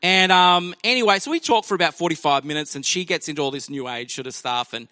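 A man's voice: on the high side, fast talker, bright, forceful tone, dry recording, studio quality. A man preaching a sermon in a church, telling a personal story in a chatty anecdotal way and acting out the voices of people in it. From Australia.

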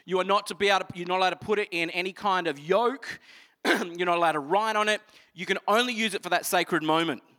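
A man preaching a sermon, earnestly explaining scripture and moving between energetic passages and hushed ones. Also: high voice, quick pace.

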